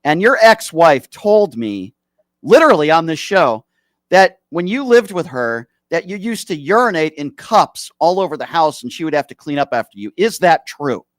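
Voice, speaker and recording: A man's voice: a little high, very animated, moderate pace, no echo, studio quality. A man hosting a comedy call-in sketch, asking mock-innocent, teasing questions. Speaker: host.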